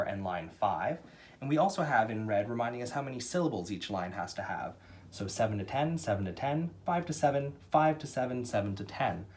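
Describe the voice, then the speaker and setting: Young male drama teacher, lively encouraging delivery, mid-pitched, swings his intonation. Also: slight background noise. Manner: upbeat and encouraging, counts syllables out slowly. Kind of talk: online lesson for young students.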